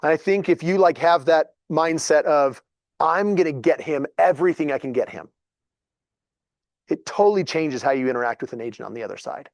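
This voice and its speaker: A man, telling stories casually to a group in a lively, chatty way and acting out what people said. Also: fairly high pitch, a little fast, no room sound, studio quality. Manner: animated, chatty, acts out dialogue. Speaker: real estate agent. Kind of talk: casual storytelling talk to a group.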